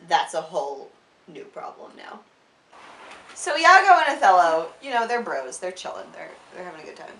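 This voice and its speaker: A tipsy young woman rambles through a story in a casual, profane, giggly way and keeps saying "like". Her voice sits a little low, and it echoes around the room from a mic placed well away from her. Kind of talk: tipsy casual retelling of a classic play. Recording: roomy sound from a distant mic.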